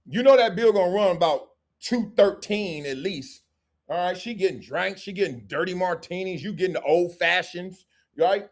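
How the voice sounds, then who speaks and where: A middle-aged man hosting a live show, commenting on sports and culture in a joking, animated way and acting out quick skits. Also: high-pitched. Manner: animated and joking, slips into quick acted-out skits with different voices. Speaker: host.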